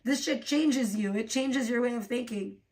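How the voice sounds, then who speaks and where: A woman's voice: fairly high pitch, normal speed, a little mellow, distant mic. A woman hosting a livestream, ranting in a profane, rambling way and laughing often. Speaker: livestream host. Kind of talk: casual livestream rant.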